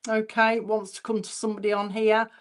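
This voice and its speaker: A woman's voice: mid-range voice, flat delivery. A woman, a spiritualist medium giving clairvoyant messages at a church service in a chatty, informal way. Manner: chatty and informal, relays messages by repeating them slowly.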